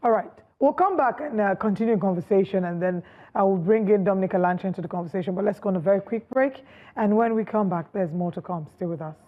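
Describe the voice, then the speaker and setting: Female news anchor, brisk and formal, thin phone-like sound. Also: mid-range voice. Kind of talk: live TV news presenting.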